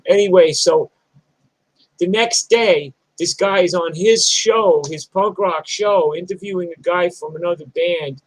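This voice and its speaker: A middle-aged punk musician delivers a rambling, profane rant to camera. His voice sits a little higher than most men's. The sound is dry and close, with no room echo. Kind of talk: ranting monologue vlog.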